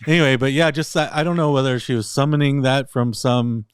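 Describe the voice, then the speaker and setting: A man's voice: medium pitch, steady tone, fairly quick, clear, resonant tone, no room sound. A man in casual chat, telling a story in a rambling way, often laughing and slipping into other voices. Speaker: podcast co-host.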